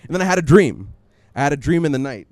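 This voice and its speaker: Man, sermon, conversational, animated storytelling, slightly higher voice, dry close sound. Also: fast, no room sound. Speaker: pastor.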